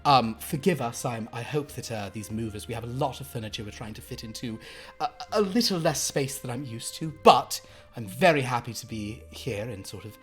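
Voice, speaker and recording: A woman's voice: extremely low pitch, animated, moderate pace, faint music behind. A man voicing a fussy, wealthy woman, breathless and fluttery, stammering and gushing endearments. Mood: chatty.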